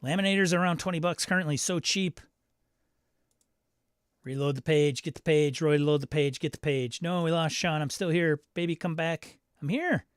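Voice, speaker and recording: This stream host, his voice on the high side and clean in tone, speaks at normal speed while reading out viewer comments in a loose, self-interrupting way. The studio sound is clean, with no room sound.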